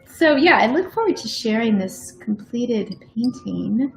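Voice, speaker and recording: A woman's voice: a little high, animated, vocal fry. A woman artist hosting a live stream from her studio, chatting casually while she paints and dropping to a murmur as she works. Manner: unhurried, thinking aloud with fillers, drops to a murmur while working. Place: home art studio. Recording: echoey room, faint background music.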